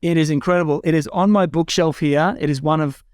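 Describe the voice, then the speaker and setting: A forty-something Australian guest speaks a little fast in a voice on the high side, telling his own life story in conversation with frank earnestness that lifts into excited self-quotes. The sound is clean studio quality with no room sound, though the setting is a home room with a bookshelf.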